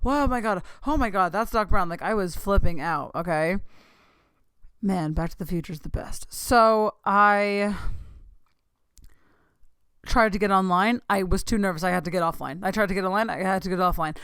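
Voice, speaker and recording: Gushing excitable woman, gravelly edge. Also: fairly low pitch, normal speed, pauses often, dry recording, clean studio sound. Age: 30s. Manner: excitable, gushing, self-interrupting. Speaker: podcast host. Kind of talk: casual storytelling.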